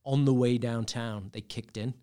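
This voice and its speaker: A man's voice: mid-range voice, steady tone, moderate pace, mellow, clean tone. Rambling young man telling a story. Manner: rambling anecdote full of "like", laughs a lot. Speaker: podcast guest. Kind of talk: casual chat, storytelling.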